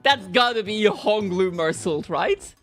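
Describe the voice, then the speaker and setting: A woman's voice: medium pitch, a little slow. Young woman streamer, bouncy up-and-down voice, keeps laughing and tripping on words, faint game music behind. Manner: excitable, laughs often, stammers and restarts. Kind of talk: casual let's-play commentary, reading lines aloud.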